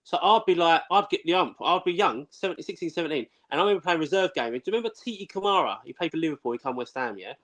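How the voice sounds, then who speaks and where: A fast-talking man tells his stories bluntly and swears freely. His voice sits a little high, and the talk is excitable and casual. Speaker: former footballer, guest. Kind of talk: casual live chat.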